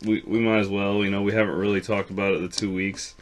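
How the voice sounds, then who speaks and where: A man's voice: on the low side, little pitch movement, fast talker. A man co-hosting a casual podcast, chatting in a laid-back way and swearing now and then. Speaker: podcast co-host. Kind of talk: casual chat.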